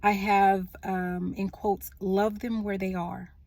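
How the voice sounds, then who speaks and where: A woman in an indoor room delivering a channeled spiritual message into a phone, speaking softly and earnestly, sometimes dropping to a hush. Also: mid-range voice, little pitch movement, gravelly, dry recording. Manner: slow, soft-spoken and earnest, trailing into hushed tones.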